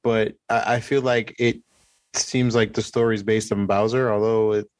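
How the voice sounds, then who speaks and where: A man co-hosting a casual chat, speaking in a hesitant, measured way with many ums and restarts. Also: on the low side, little pitch movement, dry recording. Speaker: podcast co-host.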